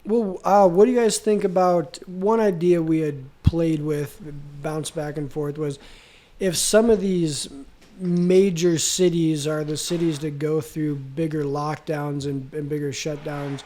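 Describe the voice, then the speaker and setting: Mellow, higher-voiced man musing. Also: steady tone, unhurried. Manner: reflective, hesitant, repeats words. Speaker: co-host. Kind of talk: casual business podcast chat.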